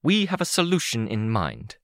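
A man reading an audiobook, voicing a commanding woman leader who speaks in a firm, measured way. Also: medium pitch, wildly swooping pitch, creaky, a bit bright, dry recording, clean studio sound, pitched above the performer's own voice, exaggerated voice.

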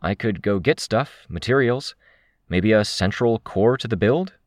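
A man's voice: fairly low pitch, lively intonation, a little slow, dry recording, studio quality, pitched above the performer's own voice. A man voicing the first-person heroine in an audiobook, speaking directly and practically in a lifted voice. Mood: earnest.

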